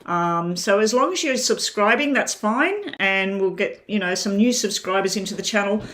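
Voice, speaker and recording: A woman's voice: mid-range voice, expressive, moderate pace, fairly bright tone. A woman reading tarot on a live stream, chatting loosely to her viewers and talking while she eats. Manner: rambling, chatty, talks while eating. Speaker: tarot reader. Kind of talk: casual livestream chat to viewers.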